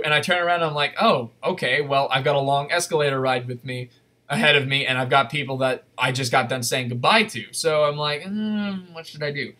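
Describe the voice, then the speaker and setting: A man telling a casual, rambling story on a convention panel, full of fillers and laughs, with high animated voices for the people he quotes.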